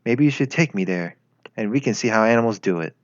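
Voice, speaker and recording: A man's voice: lowish voice, expressive, fast, no room sound, natural voice. A man voicing a young female Soviet tank girl with a Russian accent, teasing, creepy and doting. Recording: lo-fi with faint music.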